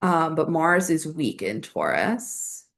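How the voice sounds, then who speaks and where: A woman's voice: low-pitched, big pitch swings, slow. Chatty woman hosting an astrology podcast. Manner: chatty, filler-heavy, thinks aloud. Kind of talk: casual solo podcast talk.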